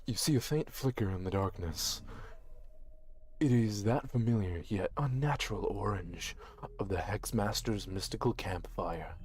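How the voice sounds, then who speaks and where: An actor voicing the sardonic male narrator of a dark video game, in a dry, measured scripted style. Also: fairly low pitch, slight background noise, close to an everyday voice. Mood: wry.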